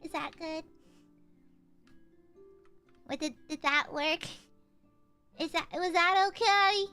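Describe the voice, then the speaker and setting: A woman's voice: extremely high pitch, slow pace, bright, forceful tone, faint music behind. A woman streaming a game live, chatting casually and playfully, with melodramatic outbursts and free swearing. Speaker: VTuber streamer. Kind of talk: casual live gameplay chat.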